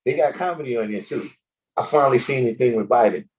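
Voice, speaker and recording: A man hosting a casual livestream chat, telling stories in an animated, slangy way and laughing often. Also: mid-range voice, fast, rough recording. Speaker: host.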